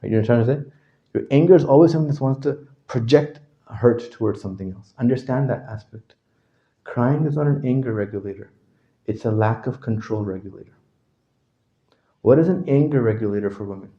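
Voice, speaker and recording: A man teaching a class, constantly asking his listeners questions and checking that they understand, his voice jumping from loud to quiet. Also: medium pitch, brisk, muffled recording. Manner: animated, swings from loud to quiet. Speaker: religious teacher. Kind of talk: interactive lecture to a class.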